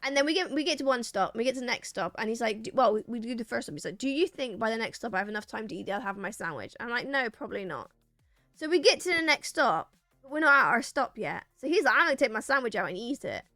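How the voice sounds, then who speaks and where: A woman's voice: fairly high pitch, quick pace, dry recording, soft background music. A young woman streamer telling a rambling story to her chat, acting out what people said. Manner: animated, acts out quoted lines, rambling restarts.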